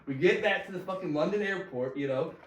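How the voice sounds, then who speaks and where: A man with a slightly high voice tells a story, laughing and swearing. He sounds a bit off-mic, and the room around him echoes. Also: fairly quick, a bit bright, far from the mic, slight background noise. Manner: laughs often, swears freely, slangy. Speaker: podcast guest telling a story. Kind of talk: casual storytelling.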